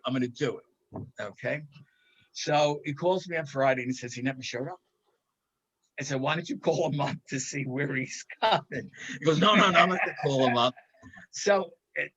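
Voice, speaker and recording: An older man with a bright, fairly high voice tells a prank story in a relaxed, chatty way. He is animated and slips into the voices of the people in his story. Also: slightly rough, highs cut off. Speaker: regular storyteller on a comedy talk show. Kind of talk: casual comic storytelling.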